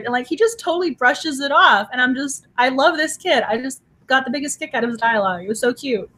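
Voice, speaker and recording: Gushing, excitable woman co-host with a high voice for a book talk show. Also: brisk. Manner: gushing, laughs often, restarts. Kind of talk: casual book discussion.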